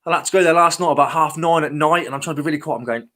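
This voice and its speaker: A man with a British accent chats casually to a livestream audience, joking as he goes. He rambles from one thought to the next and answers questions as they come in. His voice sits a touch higher than most men's. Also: racing, a bit bright. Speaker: reseller livestream host.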